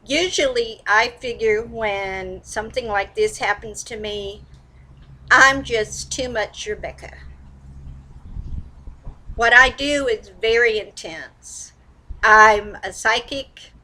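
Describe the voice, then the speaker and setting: A woman's voice: on the high side, slow, pushed and bright, poor audio. A middle-aged woman, a psychic, leading a guided tapping session in an emphatic way, swinging into mock anger and cussing. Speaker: psychic and EFT tapping coach.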